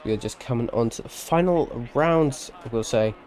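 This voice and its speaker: A man's voice: medium pitch, normal speed, darkish tone, slight background noise. A man giving live-streamed sim racing commentary, chatty and rambling, with self-deprecating asides and a tired edge.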